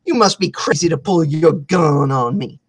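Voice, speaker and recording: A woman's voice: moderate pace, husky, no echo. A woman putting on a fearless, streetwise older woman who taunts and threatens. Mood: taunting. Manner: low, taunting, swaggering.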